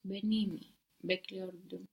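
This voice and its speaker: A woman's voice: mid-range voice, flat delivery, unhurried, gravelly, breathy edge, muffled recording. A woman learning a language, answering in short careful phrases.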